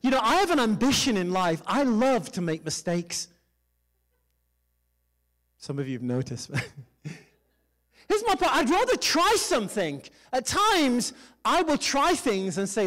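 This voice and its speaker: Animated high-voiced male preacher. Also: measured pace, long pauses. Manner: animated preaching with call-and-response and self-deprecating humor. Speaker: pastor. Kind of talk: sermon. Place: church.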